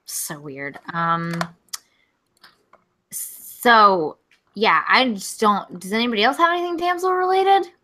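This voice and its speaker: A young woman co-hosting a nerdy comedy podcast in a high, bright voice. She chats loosely and laughs a lot. She keeps nudging the talk back to the next topic. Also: lively intonation, slow, long pauses. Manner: chatty, laughs often, steers the conversation. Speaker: co-host. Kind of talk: casual comedy podcast chat.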